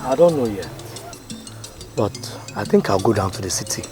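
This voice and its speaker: A man's voice: fairly low pitch, sing-song, moderate pace, music in the background. A man with a Nigerian accent playing an earnest young man, speaking in a film scene. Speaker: young man leaving for the city. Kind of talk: film acting.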